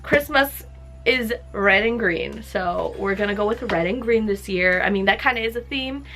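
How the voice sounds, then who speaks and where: A young woman in her twenties talks casually as she wraps gifts. She sounds heartfelt and chatty, with her sentences full of little fillers. Quiet music plays faintly underneath. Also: mid-range voice, moderate pace. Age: 20s. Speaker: lifestyle vlogger. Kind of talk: casual chat while wrapping gifts.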